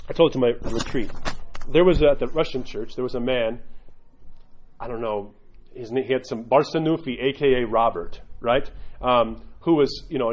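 A male priest giving an informal sermon full of stories and asides, in a conversational, animated way. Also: medium pitch.

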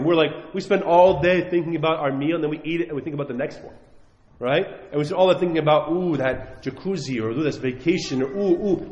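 Male preacher, sermon, lively rising and falling voice, slightly raised pitch, echoey hall, dull lo-fi sound. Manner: animated storytelling, acting out quoted voices.

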